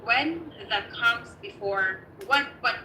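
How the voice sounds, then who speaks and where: Excitable woman reading aloud haltingly. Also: on the high side, a little hiss or hum. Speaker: English learner. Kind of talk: casual study chat. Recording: echoey room, distant mic.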